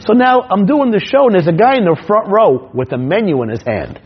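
A man who works as a stage hypnotist, teaching his technique through comic stories in an animated way, repeating himself and restarting his sentences. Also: sits high, highs cut off. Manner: animated, repetitive, quick restarts.

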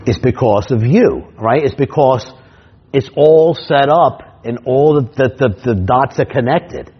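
Husky-voiced stage hypnotist teaching. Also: male voice, medium pitch, muffled recording. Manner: animated, repetitive, quick restarts. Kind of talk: lecture with comic stories.

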